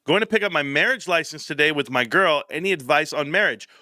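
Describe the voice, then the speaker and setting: A young man from California hosting a casual live stream from home, chatting with viewers and telling stories in an animated way. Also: fairly high pitch, fast, no echo, studio quality. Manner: animated storytelling, reads chat aloud. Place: home, standing at a desk.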